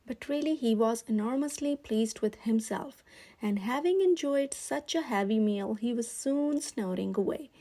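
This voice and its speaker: High-voiced woman reading a children's story. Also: normal speed. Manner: gentle, expressive storytelling. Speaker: storybook reader, channel host. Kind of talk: children's read-aloud.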